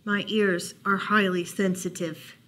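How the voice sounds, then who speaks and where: A woman voicing a grumpy, sleepy male bear who is easily annoyed, speaking gruffly and with exasperation, while reading a picture book aloud. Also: medium pitch, flat delivery, unhurried, fairly bright tone, lightly acted. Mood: exasperated.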